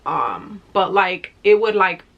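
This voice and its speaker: Bright-voiced young woman rambling a storytime. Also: lowish voice, lively intonation, takes it slowly, gravelly, lo-fi sound. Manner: rambling, lots of fillers and swearing. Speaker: vlogger. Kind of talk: casual storytime.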